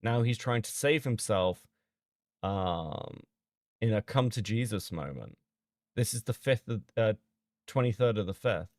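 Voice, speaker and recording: Give me an excitable man reacting on a livestream, lively voice that leaps up in disbelief. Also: on the low side, a little slow, pauses often, no room sound, studio quality. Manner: excitable, swearing, jumps to loud disbelief. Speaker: streamer reading and reacting to chat logs. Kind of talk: casual reaction commentary.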